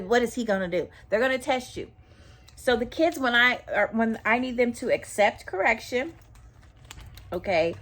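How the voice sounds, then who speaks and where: Woman, teacher, casual advice, emphatic, repeats herself, mid-pitched voice. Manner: emphatic, repeats herself, talks straight to viewers.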